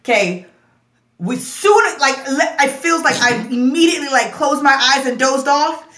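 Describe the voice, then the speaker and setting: A woman in her forties telling a story in a casual chat as a podcast host, acting out voices with sudden loud bursts. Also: sits high, moderate pace. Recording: echoey room.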